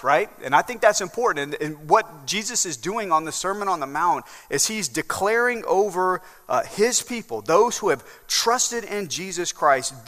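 A man's voice: high voice, sharp tone. A male pastor with a Southern American accent, preaching a sermon and often checking in with "right?". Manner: preaching with rising emphasis and frequent "right?" asides. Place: church sanctuary. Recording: long church hall reverb.

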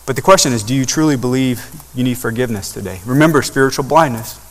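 A man's voice: mid-range voice, fast talker. A man preaching a sermon, rising repeatedly to impassioned peaks. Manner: building to impassioned crescendos. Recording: long hall reverb.

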